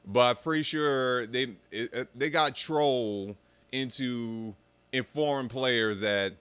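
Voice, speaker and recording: A young man rants to his viewers with a bright, crisp voice, cursing and mocking as he goes. His delivery is animated and loose. The sound is close and dry. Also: mid-range voice, takes it slowly, no room sound. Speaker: streamer talking about arcade rhythm games. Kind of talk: casual rant to viewers.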